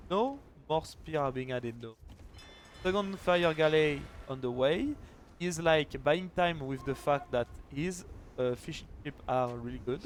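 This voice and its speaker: A man's voice: on the high side, a little hiss or hum. A young man casting a live strategy game final, chatty and joking, with lots of "like" fillers. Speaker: esports caster.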